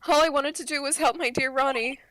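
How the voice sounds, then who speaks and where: A woman's voice: sits high, steady tone, fast, fairly bright tone, a little hiss or hum. A woman voicing a doting, flamboyant middle-aged woman as she reads game dialogue aloud, in a theatrical, fawning manner. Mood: pleading.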